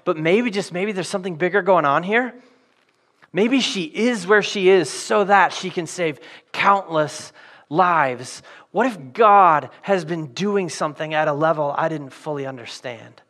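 A man's voice: high-pitched, fairly bright tone. A man voicing an anxious older uncle thinking aloud about a looming threat. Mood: wondering. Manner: rushed worried thinking aloud. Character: panicked older male uncle, anxious then hopeful.

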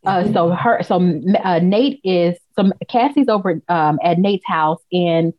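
A woman hosting a casual chat, recapping a TV episode with profane, animated storytelling and acted-out quotes. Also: fairly low pitch, measured pace, dry recording, dull audio. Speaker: podcast host recapping a TV episode.

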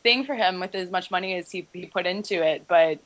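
A woman's voice: on the low side, brisk, a bit bright. A woman on a games podcast panel, talking animatedly in casual discussion with frequent restarts. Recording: dull lo-fi podcast audio.

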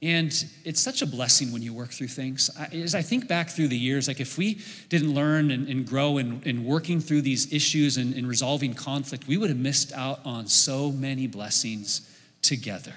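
A man in his forties preaching a sermon as pastor, lively and joking, leading the congregation in repeated lines. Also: mid-range voice, moderate pace. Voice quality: bright, lively preaching voice with humor. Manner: leads the congregation in repeating lines, jokes and laughs. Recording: echoey hall with long reverb.

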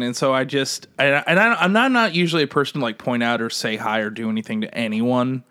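A young man co-hosting a podcast, telling an animated story in casual chat. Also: fairly quick, few pauses, smooth. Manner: animated, laughs while telling stories, jumps into high excited voices. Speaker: podcast co-host.

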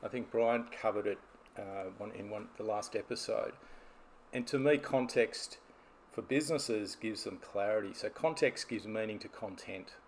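A man's voice: fairly low pitch, moderate pace, slight background noise. A man, a business coach telling stories and explaining ideas in a podcast conversation. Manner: storytelling, explanatory.

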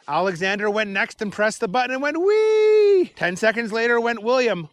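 A man reading a children's adventure story aloud in an unhurried, expressive way. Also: sits high, dry recording.

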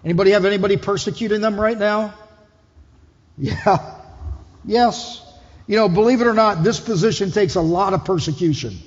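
A man's voice: high-pitched, moderate pace, long pauses. A man preaching a conversational sermon as lead pastor, putting questions to the congregation. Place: church hall. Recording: dull echoey hall.

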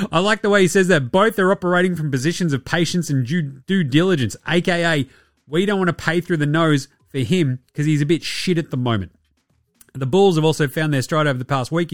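On a casual basketball podcast, a young Australian host with a voice on the high side offers sarcastic, profane sports commentary, often mocking the people he discusses by imitating them. The studio sound is clean and echo-free.

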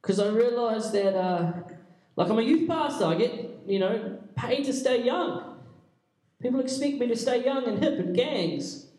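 A young man who works as a youth pastor tells playful, self-deprecating stories to a youth crowd. His voice sits very high. The sound is roomy and echoing, picked up from some distance away. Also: expressive, unhurried, darkish tone. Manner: playful, self-mocking, jokey asides. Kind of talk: comic storytelling talk to a youth audience. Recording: echoey room, mic at a distance.

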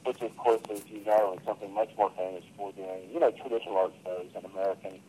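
A man, a museum curator explaining things in a relaxed, friendly way on a phone interview. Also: on the low side, quick pace, rough recording. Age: 50s.

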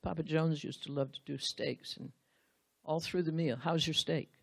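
A woman's voice: sits low, steady tone, normal speed, vocal fry, a little mellow, husky, no room sound. A woman Bible teacher giving a sermon, speaking earnestly and straight to the husbands in the room, acting out the quotes she reads.

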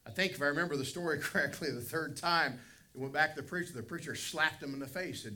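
Man, middle-aged pastor, Sunday school sermon, bright forceful tone, emphatic swells. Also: on the high side, fast. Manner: emphatic preaching, swells loud on key phrases.

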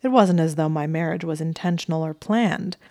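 A woman's voice: deep voice, fairly quick, darkish tone, no echo, studio quality. A woman voicing a smug, leering young wizard man who drawls his lines blandly.

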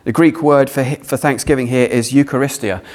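A man preaching a sermon, animated with playful asides. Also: medium pitch, moderate pace. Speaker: pastor.

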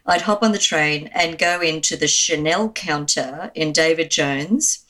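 In a low voice at a measured pace, an Australian woman who is an Anglican minister recounts a personal story during an interview. Her retelling is warm and anecdotal, full of fillers.

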